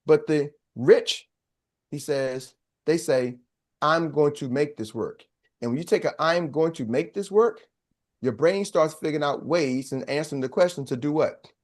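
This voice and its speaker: A man coaching a sales team, preaching with call-and-response and acting out quick little voices. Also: on the high side. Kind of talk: motivational training talk.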